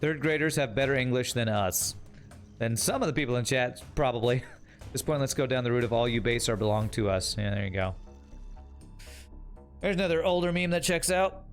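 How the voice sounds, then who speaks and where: A young man casually narrating his game while answering chat, dry and teasing. His voice sits at an ordinary middle pitch, and faint game music plays under him. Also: brisk. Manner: wry, teasing, talks to chat while playing. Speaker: streamer.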